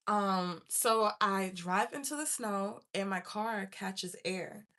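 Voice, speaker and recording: A young woman with a mid-range voice takes her time casually telling her viewers a story. The vlogger is animated and laughs often, acting out her panicked past self.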